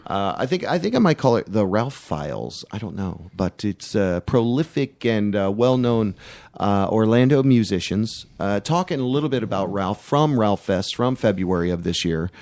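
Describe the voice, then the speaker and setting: A man's voice: fairly low pitch, animated, normal speed, darkish tone. A man hosting a casual radio podcast, rambling with many fillers and some swearing. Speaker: radio show host.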